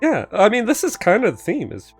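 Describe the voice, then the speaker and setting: A man's voice: high voice, wildly swooping pitch, a little fast, breathy edge, soft background music. A man hosting a podcast, joking casually with his guest. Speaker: podcast host.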